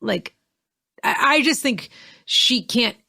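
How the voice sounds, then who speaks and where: A woman's voice: a little high, animated, takes it slowly, gravelly, pushed and bright, slightly rough, no room sound, clean studio sound. Chatty, opinionated woman podcast guest. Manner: chatty, opinionated, piles up qualifiers. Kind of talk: casual chat.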